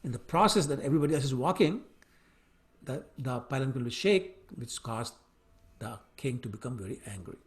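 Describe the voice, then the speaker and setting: A man giving a scripture class, retelling a story in an animated way with fillers. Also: medium pitch, brisk. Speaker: lecturer on scripture.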